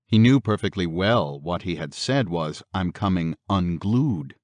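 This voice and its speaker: A man with a very deep, low voice reads a horror audiobook in a measured, steady way. He speaks close to the mic. The sound is dry, with no room around it. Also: no echo. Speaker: audiobook narrator. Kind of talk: scripted horror audiobook narration.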